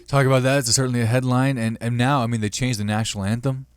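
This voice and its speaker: A man's voice: medium pitch, steady tone, quick pace, smooth, dry recording, studio quality. A young man co-hosting a podcast in casual chat, laughing often and swearing as he jokes. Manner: laughs a lot, swears, jokey. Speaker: podcast co-host.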